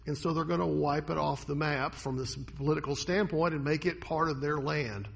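Husky, high-voiced preacher man. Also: fairly even intonation, normal speed. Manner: dramatic, swings between loud and hushed. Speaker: pastor. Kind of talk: sermon.

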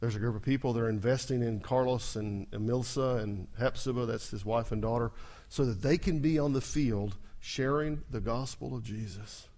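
A male pastor with a drawl delivers a sermon, hammering the same refrain again and again and calling on the congregation to answer back. His delivery swings between hushed, confiding asides and loud, climbing exclamations. His voice sits at an ordinary middle pitch for a man. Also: normal speed, hardly any pauses. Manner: preacherly, repetitive call-and-response with the congregation.

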